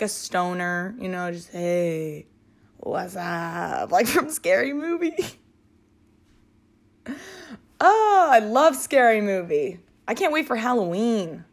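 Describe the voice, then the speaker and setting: A woman chatting casually on her own podcast in an easy, mid-pitched voice. She rambles from thought to thought, giggling and leaning on filler words. Her talk is loose and unscripted. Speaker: podcast host. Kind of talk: casual solo chat.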